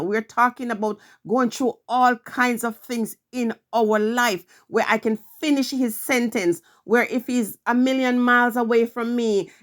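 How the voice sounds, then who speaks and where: A middle-aged woman vlogging, telling a personal story in an earnest, emphatic way, repeating her phrases. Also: a little high.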